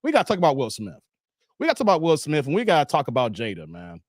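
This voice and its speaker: Male livestream host, high voice, dry close mic, laughs a lot, heavy on slang. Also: brisk, dry recording. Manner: animated, laughs often, slangy, reads chat aloud. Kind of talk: casual livestream chat.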